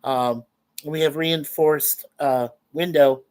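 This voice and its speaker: A man's voice: fairly high pitch, fairly even intonation, slow, a little mellow. An older man from Canada hosting a casual home livestream, chatting loosely and chuckling often as he reads viewer comments. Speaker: host.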